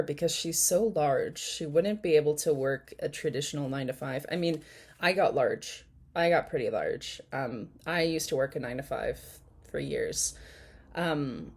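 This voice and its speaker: A woman's voice: deep voice, darkish tone. A woman giving casual reaction commentary, chatty and rambling, with frequent laughs and ums. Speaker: commentary YouTuber.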